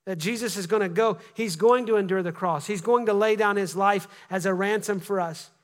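High-voiced preacher who stumbles on words. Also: male voice, a little fast. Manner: repeats words when starting phrases, acts out crowd voices. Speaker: pastor. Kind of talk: sermon.

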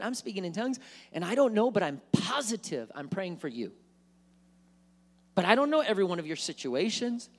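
A man preaching a sermon in church, animated, acting out worried voices and joking asides. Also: on the high side. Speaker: pastor. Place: church sanctuary.

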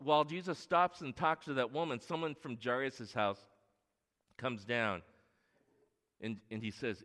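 Bright-voiced middle-aged pastor preaching. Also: male voice, medium pitch. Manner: earnest storytelling, swings between hushed and emphatic. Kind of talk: sermon. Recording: long reverb of a large hall.

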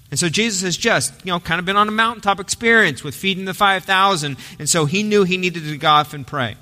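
A man preaching a sermon, telling the story in a lively way and acting out the quotes. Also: fairly high pitch, long reverb tail. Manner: animated storytelling with acted quotes. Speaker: pastor.

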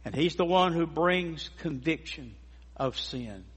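A man's voice: a little high, animated, slow pace, a bit bright, husky, in a large hall. A man, preaching a sermon as pastor, emphatic and stretching key words for emphasis. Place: church sanctuary.

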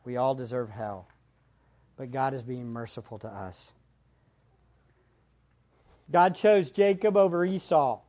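A man preaching a sermon as pastor, swinging between hushed asides and loud emphatic lines. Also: mid-range voice, animated, slow, long pauses.

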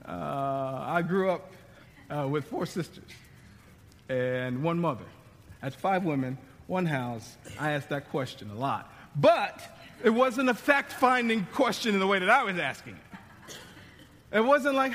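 Male pastor, light high voice, chatty preaching that drops to near-whispers, echoing church hall. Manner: conversational, dramatic preaching with sudden drops to hushed tones. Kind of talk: sermon.

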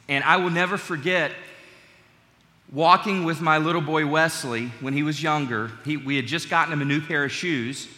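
A man's voice: on the high side, pushed and bright. A middle-aged man preaching a sermon as pastor, in a conversational, joking way with his congregation, in a large church. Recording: long church hall reverb.

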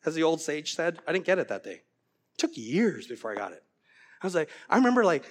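A middle-aged man preaching a sermon as pastor, earnest and growing animated as he tells a story. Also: fairly high pitch, brisk.

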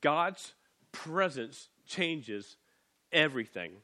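A man with a fairly high voice preaches in a loose, conversational way. He is animated and lively, dropping into little voices as he retells the story. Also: very slow. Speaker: pastor. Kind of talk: sermon.

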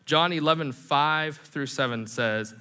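A man delivers an animated, conversational sermon to his congregation, slipping in self-deprecating humor. His voice sits a bit high and rings bright and forceful. The sound carries a long reverb from a church hall. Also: a little slow, smooth. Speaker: pastor.

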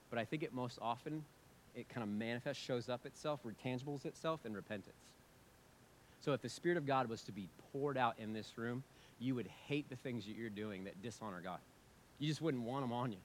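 A man, a pastor, preaching a sermon in a church, earnest and emphatic, swinging from loud urgent passages to quiet prayerful tones. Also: mid-range voice. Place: church sanctuary with congregation.

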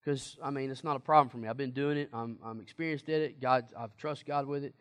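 A man's voice: medium pitch, steady tone, quick pace, fairly bright tone. A man preaching a sermon in a conversational, emphatic way and asking the congregation questions.

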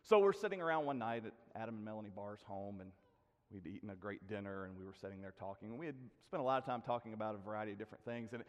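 A man preaching a sermon, telling stories and letting his phrases sink to a hush. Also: fairly low pitch, racing, in a large hall. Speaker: pastor.

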